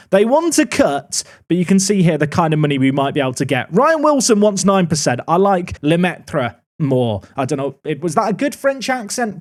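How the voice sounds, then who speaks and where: Gaming commentator, male, higher register with a bouncy, animated delivery; wry, thinks out loud at a desk mic. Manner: chatty, wry, thinking aloud while playing. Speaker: gaming YouTuber. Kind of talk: casual gameplay commentary.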